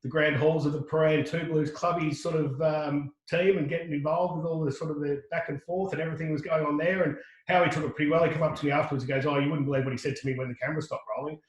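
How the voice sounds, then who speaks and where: Fast-talking Australian man telling a story. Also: fairly high pitch, roomy sound, low-quality recording. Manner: animated anecdote teller, lots of restarts and quoted dialogue. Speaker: podcast guest. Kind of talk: casual storytelling.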